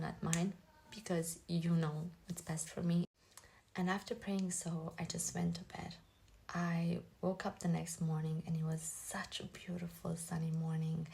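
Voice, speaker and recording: A woman earnestly giving a personal faith testimony as a mother, her voice soft and often slipping into a whisper. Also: low-pitched, vocal fry. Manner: earnest and heartfelt.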